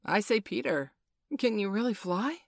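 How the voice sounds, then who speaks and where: A woman reading aloud voices an excitable, practical, rather proper young boy who exclaims eagerly. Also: medium pitch, normal speed, gravelly, no echo, studio quality, voice pushed up. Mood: excited.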